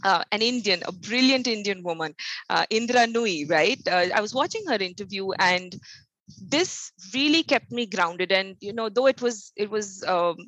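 A woman's voice: mid-range voice, expressive, normal speed, a bit bright, dry recording, low-quality recording. A woman talking earnestly as a podcast guest, an encouraging motivational trainer who speaks emphatically and often adds "you know" and "right?". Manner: faith-centered encouraging tone. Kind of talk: podcast interview answer.

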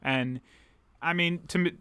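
A man's voice: on the high side, measured pace, pushed and bright, clear, resonant tone, no echo. A man co-hosting a podcast in casual, opinionated chat, swearing freely as he talks politics. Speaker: podcast co-host.

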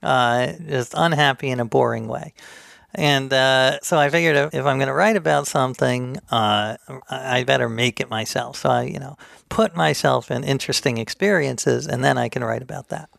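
A man's voice: medium pitch, steady tone, normal speed, gravelly, fairly bright tone, dry recording, studio quality. A middle-aged man, an author and guest on a podcast, telling self-deprecating stories with loose fillers. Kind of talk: storytelling in a podcast interview.

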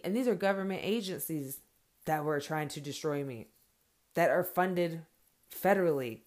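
A middle-aged woman, a mother, ranting in a casual and angry way, swearing often and breaking into loud bursts. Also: on the low side, moderate pace. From Mexican heritage, raised in America. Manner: profane, heated, confrontational, with sudden loud bursts. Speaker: parent speaking her mind.

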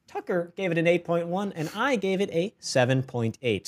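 A man's voice: fairly high pitch, fairly bright tone. A man hosting a casual film-review podcast, talking playfully with frequent restarts and hesitations. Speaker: podcast host.

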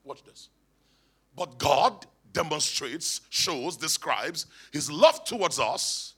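A man's voice: fairly high pitch, animated, slow, sharp tone, slightly rough. A man, a bishop preaching emphatically in church and calling on the congregation to respond. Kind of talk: sermon. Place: church hall.

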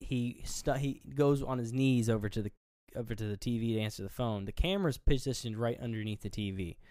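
A podcast co-host casually recaps a movie scene by scene, animatedly acting out the characters' lines with pitch jumps. He talks a little fast, loose and profane with many fillers, in clean studio sound with no room sound.

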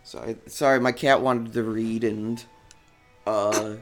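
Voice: mid-range voice, steady tone, takes it slowly, faint music behind. A casual, self-deprecating reader rambling through an amateur fan-fiction read-aloud at home and bantering with a friend.

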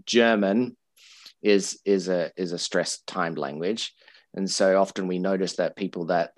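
Deep-voiced man explaining language learning. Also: dry recording. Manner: repeats words while finding his phrasing. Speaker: English teacher, co-host. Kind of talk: casual explanatory chat.

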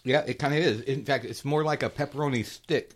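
A man co-hosting a podcast, chatting casually while snacking, animated and laughing often. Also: mid-range voice, a little fast. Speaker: podcast co-host.

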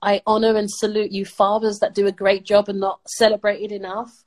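A woman's voice: medium pitch, little pitch movement, normal speed, a little mellow, low-quality recording. A middle-aged woman from the UK, an upbeat podcast guest who talks emphatically in a motivational way and laughs often. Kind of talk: motivational interview talk.

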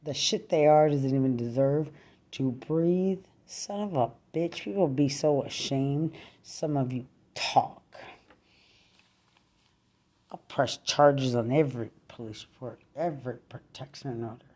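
Furious low husky woman ranting. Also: a little slow, dark tone. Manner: furious, repetitive, cursing. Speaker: mother. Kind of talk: angry profane rant.

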